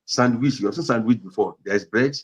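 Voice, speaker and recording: A man's voice: mid-range voice, a little fast, husky. A man with a Nigerian accent giving earnest marriage counseling advice, repeating points and acting out example dialogues.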